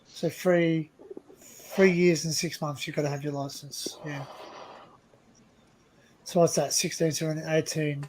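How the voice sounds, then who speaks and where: An Australian man hosting a live stream over a video call, chatty and quick to laugh, often repeating himself. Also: fairly high pitch, level tone, a little mellow, a little hiss or hum, rough recording. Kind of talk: casual live stream chat.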